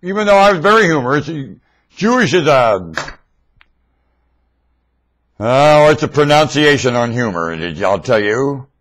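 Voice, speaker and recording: A man recorded on a webcam mic at home, rambling in a monologue that swings between loud outbursts and mumbling. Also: medium pitch, animated, a little slow, long pauses.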